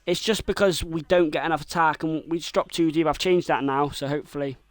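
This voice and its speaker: High-voiced man doing excitable game commentary. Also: fairly quick, no echo. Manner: bursts into shouted excitement at goals. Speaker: streamer playing a football video game. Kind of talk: live gameplay commentary in broadcaster style.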